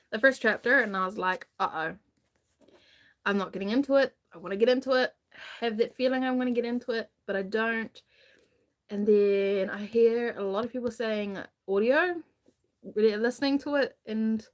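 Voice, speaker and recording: A woman chatting casually on a live book stream, rambling enthusiastically with many restarts and fillers. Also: medium pitch. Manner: gushing enthusiasm about a book.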